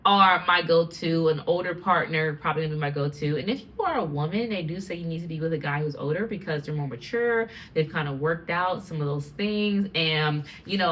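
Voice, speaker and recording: An American woman in her twenties hosting a casual solo podcast chat, animated and rambling, with frequent laughs. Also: on the low side. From United States. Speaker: podcast host.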